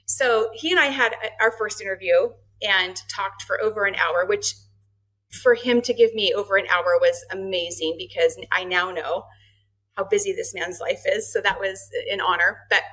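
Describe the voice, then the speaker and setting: A middle-aged woman, a guest on a podcast, telling her story in a casual interview, lively and quick to laugh, acting out the dialogue she quotes. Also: mid-range voice, poor audio. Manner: animated, acts out quoted dialogue, laughs often. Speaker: marketing and HR head, podcast guest.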